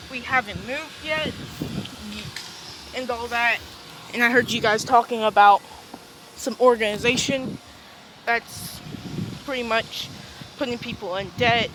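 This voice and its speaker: A woman makes up a fan-fiction story aloud, rambling and tacking "and all that" onto her sentences. Her voice is a little high, and there's background noise.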